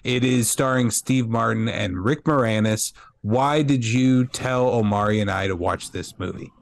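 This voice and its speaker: A male podcast co-host with a mid-range voice who talks in a friendly, easygoing way. He asks the guest about a movie in relaxed conversation. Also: medium pitch, measured pace, vocal fry. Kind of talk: casual podcast chat.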